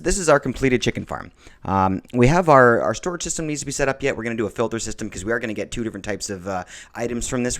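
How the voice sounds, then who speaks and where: A man casually talking through a video game build for his viewers, rambling with many fillers and restarts. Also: on the low side. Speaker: Minecraft let's-play host. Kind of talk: casual gameplay commentary.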